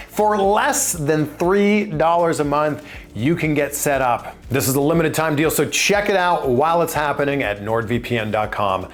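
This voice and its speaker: A man, the show's host, reading a sponsor ad in an upbeat, conversational way. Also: a little high. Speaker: podcast host. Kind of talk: sponsor ad read.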